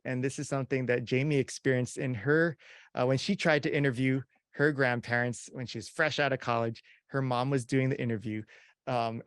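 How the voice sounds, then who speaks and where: A man in his forties explains interviewing tips in a loose, chatty way. He keeps acting out little quoted voices, and his voice sits at a middle pitch in a dry, close recording. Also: smooth, no echo. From Hawaii. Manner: chatty, animated, acts out quoted voices, frequent fillers. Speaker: video production instructor. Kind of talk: casual instructional talk.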